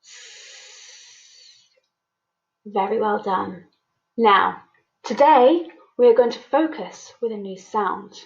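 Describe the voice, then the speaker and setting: A woman's voice: mid-range voice, lively intonation, creaky, lo-fi sound. A woman teacher giving a children's phonics lesson, coaxing young learners to repeat sounds with her. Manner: slow, sing-song, coaxing children to repeat. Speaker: primary school teacher.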